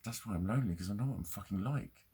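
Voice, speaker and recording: A man's voice: lowish voice, fast talker, mellow, slightly rough. A man delivering a candid, ranting vlog monologue full of swearing. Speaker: vlogger. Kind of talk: confessional monologue.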